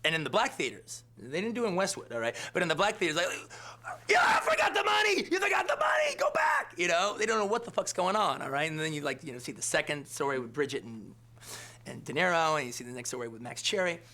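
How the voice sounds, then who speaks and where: A film director in an interview, telling an anecdote in a rambling way, full of fillers and asking "all right?" again and again. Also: male voice, fairly high pitch, expressive, quick pace, bright, forceful tone.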